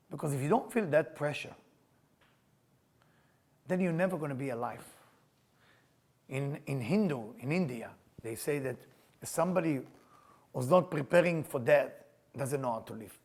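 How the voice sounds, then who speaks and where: A man's voice: a little high, animated, moderate pace, pauses often, darkish tone. An older man teaching a Kabbalah class, emphatic, repeating his questions, with non-native English grammar. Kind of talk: spiritual class lecture.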